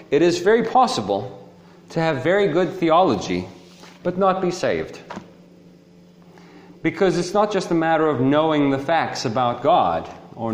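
A man preaching a sermon in an emphatic, animated manner, often checking in with his listeners. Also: mid-range voice. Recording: roomy echo.

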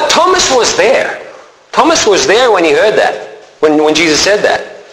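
Animated male preacher in a reverberant hall. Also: high-pitched, measured pace. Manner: animated, acts out the quoted voices. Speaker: pastor. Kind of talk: sermon. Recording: roomy hall reverb, faint noise.

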